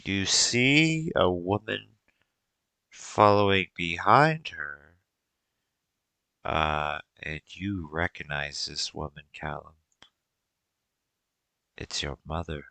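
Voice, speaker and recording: A man running a tabletop game in a very deep, gravelly, bright and smooth voice. He narrates slowly and loosely, with plenty of fillers. The sound is dry and close. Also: dry recording. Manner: relaxed, filler-heavy narration. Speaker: game master.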